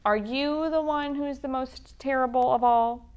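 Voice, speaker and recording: A woman voicing a boastful, slimy male monster in a storybook reading, speaking loudly. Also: sits high, fairly even intonation, a little slow, clear, resonant tone, voice pushed up.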